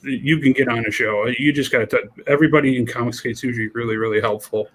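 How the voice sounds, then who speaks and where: A man's voice: mid-range voice, fairly even intonation, quick pace, a bit bright, a little hiss or hum. Agreeable male comic artist guest. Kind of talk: casual livestream talk.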